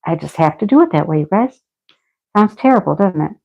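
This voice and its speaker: A woman's voice: on the low side, lively intonation, a little fast, creaky. Chatty woman host, lo-fi stream audio. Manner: chatty and rambling, laughs often, a little snarky. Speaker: craft livestream host. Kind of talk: casual livestream chat, answering viewer comments. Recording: dull lo-fi home stream audio.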